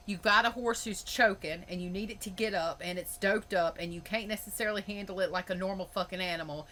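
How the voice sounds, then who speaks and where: A female podcast host rants bluntly and emphatically in an opinionated monologue, swearing freely. Her medium-pitched voice sounds pushed and bright.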